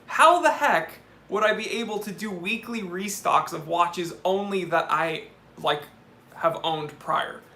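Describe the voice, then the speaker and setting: A young man hosts a live question-and-answer stream in a loose, chummy manner. His voice is bright and a little high. The room is echoey, with a faint hiss underneath. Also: unhurried. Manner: casual and chummy, says "dude" often. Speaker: watch channel host answering live chat.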